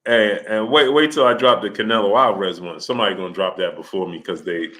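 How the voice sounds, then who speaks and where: His voice is on the low side and a bit bright, and he talks quickly. He's a man running a relaxed livestream, reading viewer comments aloud in slang and calling everyone "brother."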